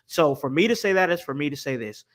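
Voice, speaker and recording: A man hosting a casual livestream chat, making his points emphatically and repeating them slowly. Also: on the high side, lively intonation, a bit bright. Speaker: podcast host.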